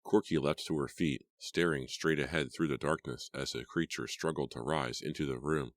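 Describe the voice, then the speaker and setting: Male audiobook narrator, extremely deep voice, steady reading, dry close sound. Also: normal speed, dry recording. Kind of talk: scripted narration.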